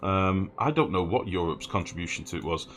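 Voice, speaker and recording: A man's voice: low-pitched, animated, fairly quick, a bit bright. A man chatting casually and swearing freely while he streams a game and answers chat. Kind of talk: casual gameplay commentary.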